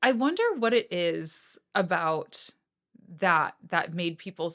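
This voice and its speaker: A woman's voice: on the low side, expressive, slow, a bit bright. Upbeat young woman co-host. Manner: supportive, frequent affirmations and laughs. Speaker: podcast co-host. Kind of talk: casual podcast chat.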